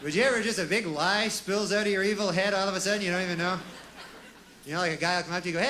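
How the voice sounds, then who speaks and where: A man doing a deadpan, rambling stand-up comedy monologue, full of asides and folksy fillers, on a comedy stage. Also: high-pitched, very fast, a little hiss or hum. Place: comedy stage with a live audience.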